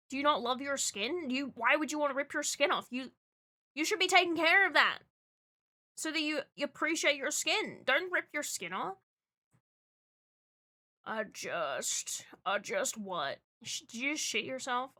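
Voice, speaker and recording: Woman streamer, very bright tone, lively swooping pitch, excitable, swears a lot. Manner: excitable, loud, swears often, bursts of laughter. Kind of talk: casual chat reading chat aloud. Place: Brisbane.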